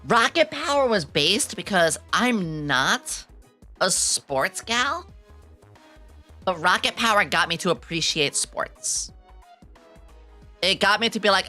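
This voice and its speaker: A woman in her thirties chatting casually on a stream, excitable and quick to break into squealing laughter. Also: lowish voice, soft background music.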